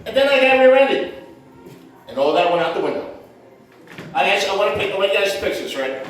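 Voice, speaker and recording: Brash high-voiced male stand-up comic. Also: very animated, fast. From Puerto Rican heritage. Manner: brash, conversational, lots of "man" and "right?". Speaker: stand-up comedian. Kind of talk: stand-up set. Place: comedy club stage with audience laughter. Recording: echoey club, heard from far off.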